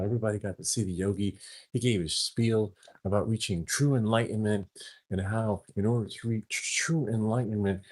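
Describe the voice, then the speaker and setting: A man's voice: fairly low pitch, darkish tone, dry recording. A man vlogging and telling a rambling story, chuckling as he goes and often trailing off and restarting. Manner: chuckles through his stories, trailing off and restarting.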